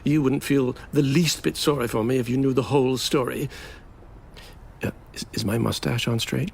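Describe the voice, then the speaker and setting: An actor playing a flamboyant, bitter groom on his wedding day, melodramatic and sardonic, swinging between slow drawls and sudden outbursts. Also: mid-range voice, steady tone, vocal fry, a little hiss or hum, close to an everyday voice. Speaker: actor in a stage play. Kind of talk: theatrical stage acting.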